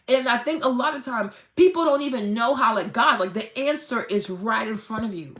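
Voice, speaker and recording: A woman vlogger giving a casual, animated, faith-based motivational talk, acting out dramatic quotes and swearing casually. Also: fairly high pitch, moderate pace, roomy sound.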